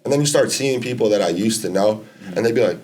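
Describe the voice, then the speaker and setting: Relaxed young man, casual and profane. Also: fairly low pitch, fast talker. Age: 20s. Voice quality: laid-back, swears freely, laughs often. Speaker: podcast guest, college basketball player. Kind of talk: casual podcast chat.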